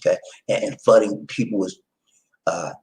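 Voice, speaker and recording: A man's voice: fairly low pitch, normal speed, a little mellow, rough recording. A man hosting a casual livestream, chatting with viewers, laughing and giving sing-song introductions. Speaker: livestream host.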